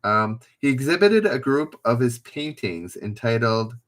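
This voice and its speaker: Mid-range, animated, and fairly bright, this man's voice moves a little slowly. He's a trivia livestream host casually running a quiz, reading questions, calling on players, and joking at his own expense.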